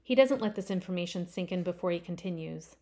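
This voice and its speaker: A woman reading her own first-person short story aloud, with expressive swells on key phrases. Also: fairly low pitch, fast talker.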